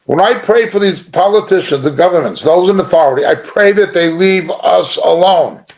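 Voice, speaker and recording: A man's voice: high voice, moderate pace, a little mellow. A middle-aged man teaching an informal sermon in a conversational, emphatic way, chuckling now and then. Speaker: Bible teacher.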